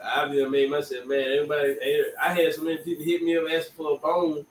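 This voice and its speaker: High-voiced man drawling in an echoey room. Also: flat delivery, quick pace, distant mic, slight background noise. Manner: drawling, repeats phrases, Southern US slang. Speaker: podcast host. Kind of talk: casual chat.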